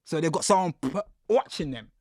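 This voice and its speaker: A man tells his story with lively energy, jumping into quoted voices and street slang. His voice sits a little high for a man. The sound is close and dry, with no room around it. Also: brisk, dry recording. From United Kingdom. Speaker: podcast guest. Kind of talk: casual storytelling interview.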